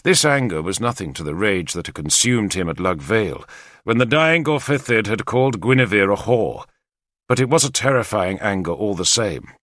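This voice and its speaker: A man narrating an audiobook in the first person, with expressive, lively storytelling on a close mic. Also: fairly low pitch, normal speed, no room sound.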